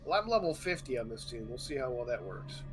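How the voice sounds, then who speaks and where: A man chatting casually during a game stream, halting and restarting his sentences. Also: mid-range voice, big pitch swings, music in the background. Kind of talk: casual chat while gaming.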